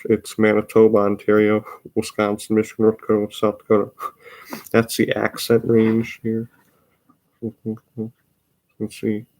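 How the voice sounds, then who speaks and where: A man's voice: fairly low pitch, monotone, a little slow, pauses often, darkish tone. A young man with an Upper Midwest accent, rambling in a casual solo vlog, drawing out his vowels and repeating words. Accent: Upper Midwest American. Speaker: vlogger.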